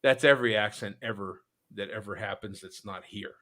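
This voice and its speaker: A man's voice: fairly low pitch, brisk, pushed and bright. A man hosting a casual chat on a live show, jokey, laughing often and riffing on his co-hosts. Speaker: host.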